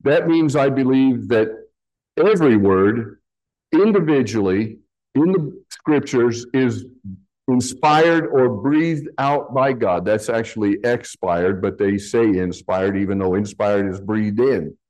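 A pastor teaching a sermon, slowly explaining Greek words from slides in a patient, deliberate way. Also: male voice, mid-range voice, a little mellow, rough recording.

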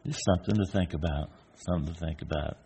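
A man's voice: sits low, fast talker, vocal fry, warm tone, a little hiss or hum. An older man giving an informal, folksy sermon, telling stories and acting out the voices of people in them. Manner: folksy storyteller, acts out imagined voices. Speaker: preacher.

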